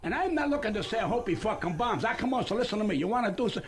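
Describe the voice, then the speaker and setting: Old guy in his 70s ranting and lecturing, swearing a lot, high voice that jumps all over, hissy radio clip. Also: racing. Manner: brash, profane, lecturing. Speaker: comedian guest on a radio show. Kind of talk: radio interview storytelling. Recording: archived radio clip with steady hiss.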